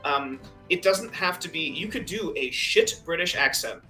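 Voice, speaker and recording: A man's voice: a little high, animated, normal speed, pushed and bright, faint music behind. A man hosting a tabletop game podcast as game master, talking loosely and filling gaps with "you know". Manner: rambling, peppered with "you know". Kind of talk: casual conversation.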